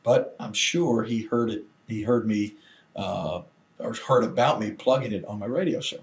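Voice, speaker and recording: An older man, guest in a long interview, telling old stories with lively acted-out quotes. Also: fairly low pitch, normal speed. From Southern United States. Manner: animated storyteller acting out quoted voices. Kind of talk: storytelling shoot interview.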